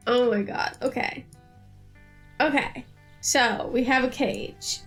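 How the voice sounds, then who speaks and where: A woman streams a game and chats casually, slipping into gushing baby-talk and frequent laughter. Her voice sits high and she drags her words out very slowly. Faint game music plays behind her. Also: steady tone, fairly bright tone.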